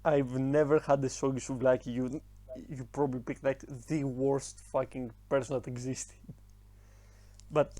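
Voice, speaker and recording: A man with a Greek accent talks in a casual podcast chat. His voice sits at a middling pitch, and he often stops mid-sentence to search for an English word. He swears in a relaxed, offhand way. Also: no room sound. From Greece. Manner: halting, searching for words, profane.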